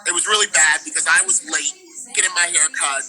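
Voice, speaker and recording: A ring announcer from New York telling stories in a casual interview, in a rambling, laid-back way. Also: male voice, fairly high pitch, fairly even intonation, brisk, sharp tone, soft background music, low-quality recording.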